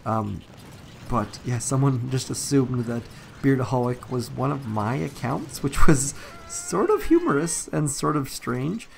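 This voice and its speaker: A young man rambles through a game live stream in a loose, easygoing way, full of ums and restarts. His voice has a gravelly edge, and a clear layer of noise sits under the recording. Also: mid-range voice, measured pace, low-quality recording. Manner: rambling, relaxed, many fillers and restarts. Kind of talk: casual live-stream commentary while playing.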